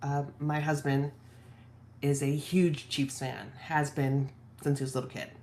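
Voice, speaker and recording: A woman's voice: sits low, little pitch movement, unhurried, a little mellow, a little hiss or hum. A woman vlogger candidly telling a personal story from home, quoting her husband and herself as she goes. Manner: candid, reflective, quotes husband in her own voice. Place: at home office.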